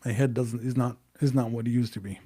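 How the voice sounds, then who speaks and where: A man's voice: mid-range voice, fairly even intonation, fast talker, mellow, slightly rough. A man hosting a live stream, talking bluntly and emphatically and hammering his points home. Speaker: host.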